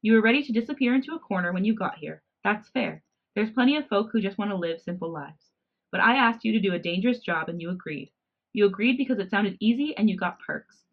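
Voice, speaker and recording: A woman's voice: medium pitch, lively intonation, fast. A woman voicing a scheming male cat hybrid colony leader, cool and calculating, in a storybook reading with slightly dull podcast audio. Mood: cold, proud.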